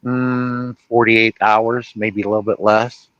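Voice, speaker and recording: A man's voice: fairly low pitch, level tone, takes it slowly, fairly bright tone, muffled recording, a little hiss or hum. A man from Ohio chatting casually on a livestream, rambling and correcting himself as he goes. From Ohio, USA. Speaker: livestream host.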